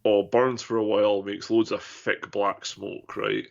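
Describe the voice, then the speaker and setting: A man's voice: fairly low pitch, little pitch movement, unhurried, creaky. A young man, telling sweary stories in a casual podcast chat. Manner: sweary storytelling. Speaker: podcast co-host. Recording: muffled lo-fi recording.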